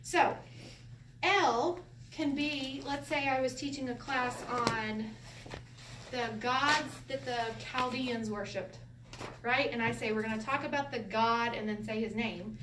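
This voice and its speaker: A fairly high-voiced woman keeps a measured pace while teaching an informal Bible Hebrew class, full of laughter and lively rhetorical questions. The sound is distant and echoey, with a light hiss in the background.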